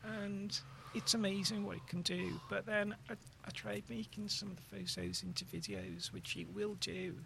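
A woman talks casually in a strongly gravelly, fry-heavy voice. A faint noise sits behind her. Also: mid-range voice, steady tone, moderate pace, hardly any pauses, fairly bright tone. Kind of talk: casual chat.

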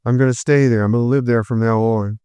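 Storybook older brother, quiet and terse, flat and grim, voiced low-key by a smooth-voiced male reader. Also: fast talker, no room sound, lightly acted.

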